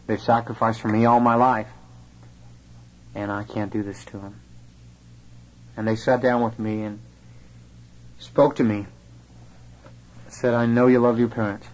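This young man's low-pitched voice barely rises or falls as he speaks unhurriedly, leaving long pauses. His earnest testimony unfolds through quoted dialogue from memory, captured on a low-quality recording.

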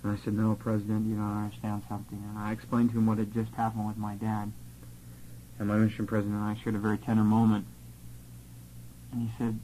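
Man, low voice, flat and steady delivery, earnest personal testimony, plain-spoken storyteller. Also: quick pace, a little hiss or hum, low-quality recording. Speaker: former missionary telling his story.

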